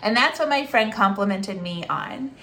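Here a woman with a mid-range voice talks at an ordinary pace, telling a story as a special education advocate. It's a relaxed, chatty monologue with fillers and restarts, and she acts out the voices she quotes in a lively way.

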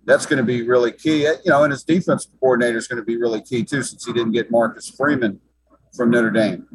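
A man's voice: medium pitch, steady tone, fast, breathy edge, no room sound, poor audio. A man giving sports talk commentary as an analyst, emphatic and often repeating words as he thinks.

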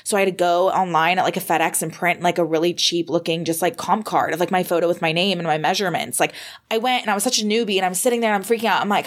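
A young American woman, a podcast guest, telling her story in a lively conversational way, full of "like" and acted-out moments. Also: medium pitch, quick pace. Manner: animated, reenacts moments with fillers like "like".

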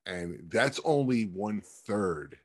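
A man talking casually as a podcast co-host, explaining things in quick bursts with fillers. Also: fairly low pitch, animated, dry recording. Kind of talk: casual discussion.

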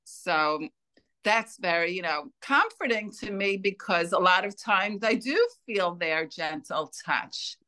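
A woman being interviewed, telling a personal story in an earnest, unhurried way. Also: lowish voice, animated, bright, forceful tone. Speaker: interview guest.

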